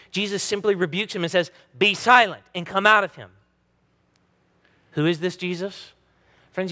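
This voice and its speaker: A man in his thirties preaches a sermon as pastor, earnest and emphatic, voicing quoted speech dramatically. His voice is a little high and a bit bright. The recording carries the long reverb of a large hall.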